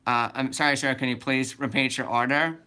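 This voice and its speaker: A man's voice: medium pitch, steady tone, a little fast, bright, forceful tone, clean tone, lightly acted. Strained, polite drive-thru attendant, as a man puts him on. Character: polite fast-food drive-thru worker.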